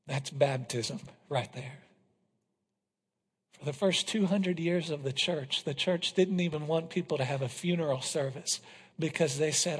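High-voiced male pastor preaching in a reverberant hall. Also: unhurried, breathy edge. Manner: passionate preaching, swings from loud to hushed. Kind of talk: sermon. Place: church hall.

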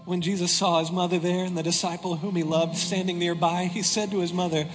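A male pastor with a high voice delivers a sermon, reading scripture with dramatic weight and sinking into quiet intensity. His voice rings out through a long reverberant hall. Music plays steadily beneath him. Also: level tone, a little fast. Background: soft music.

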